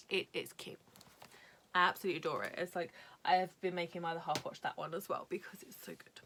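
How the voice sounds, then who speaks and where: A woman's voice: lowish voice, a bit bright. A young British woman chatting casually and candidly about her anime collection, rambling with lots of fillers and the odd swear. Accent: British English. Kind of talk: casual chat.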